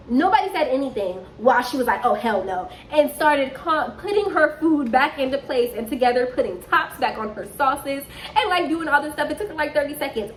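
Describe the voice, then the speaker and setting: A woman in her twenties telling a story casually and animatedly on her vlog, acting out what people said. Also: high-pitched. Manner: animated, dramatic retelling with quoted voices. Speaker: storytime vlogger. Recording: roomy echo with faint background hum.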